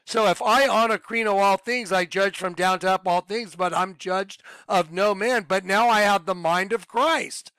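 A man giving an informal, rambling video sermon to his followers, excitable and laughing at his own points. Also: sits high, normal speed, hardly any pauses, clean tone, no echo. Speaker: online preacher.

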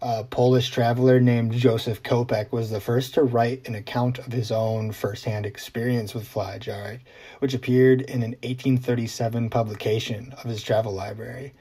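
A man talks straight to camera as host of his own explainer vlog. His voice is mellow and warm at an ordinary middle pitch. He keeps it chatty, with ums and little asides. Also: little pitch movement, normal speed, breathy edge. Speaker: journalist host.

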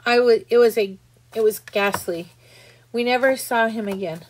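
A woman's voice: on the high side, moderate pace, lightly acted, rough recording. A woman reading aloud and voicing a mournful, proper female spider who sighs over her lot. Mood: sorrowful. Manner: mournful, sighing.

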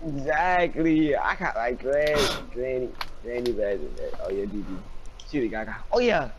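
A man playing a video game with a friend, loud and excitable, yelling and laughing as he reacts. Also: mid-range voice, moderate pace, lo-fi sound. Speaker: gamer. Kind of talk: excited gaming banter. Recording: loud background noise with clicks.

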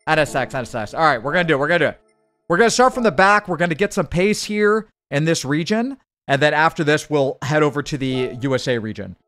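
A quick, excitable man talks viewers through a live racing game stream. His voice sits a bit high and swings up and down. Faint game music and engine sounds play under him. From United States. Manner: hurried, excitable, chats with viewers.

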